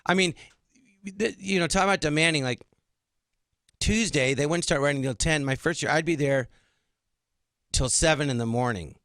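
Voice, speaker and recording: A man's voice: a little high, normal speed, pauses often, no room sound. Middle-aged man telling stories animatedly. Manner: animated, acts out quoted dialogue. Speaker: guest comedian. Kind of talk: casual interview storytelling.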